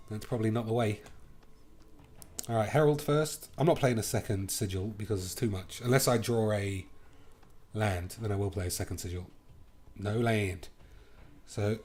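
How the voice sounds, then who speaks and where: A man's voice: lowish voice, normal speed, pauses often, darkish tone, a little hiss or hum. Playful man narrating card games. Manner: playful and crude, thinking aloud. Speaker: gaming video host. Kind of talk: live card game commentary.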